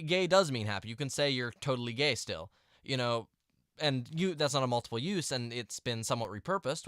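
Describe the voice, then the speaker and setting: A man's voice: medium pitch, a bit bright, clear, resonant tone, no room sound, clean studio sound. A young man ranting to camera in a vlog, exasperated and rambling, with restarts and mumbled asides. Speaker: vlogger.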